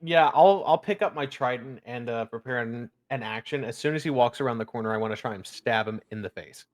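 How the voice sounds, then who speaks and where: A man playing a tabletop game, relaxed and hesitant with fillers, laughing often. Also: medium pitch, fairly quick. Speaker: player. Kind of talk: tabletop role-play.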